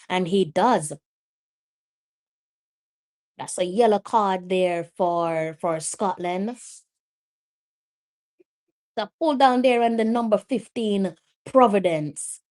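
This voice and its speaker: A medium-pitched woman runs a live watch-along, keeping up chatty, casual play-by-play and bursting into loud exclamations whenever the action heats up.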